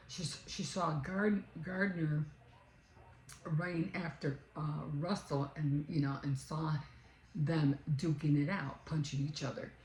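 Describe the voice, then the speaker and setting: A woman's voice: sits low, a little mellow, roomy sound, low-quality recording. A woman casually retelling a story, rambling along with many fillers and self-corrections. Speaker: vlogger.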